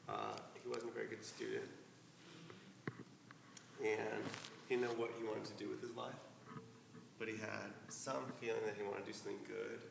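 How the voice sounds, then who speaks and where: Man, low gravelly voice, hesitant, far from the mic, echoey hall, noisy background. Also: level tone. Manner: hesitant, halting speech. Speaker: class participant.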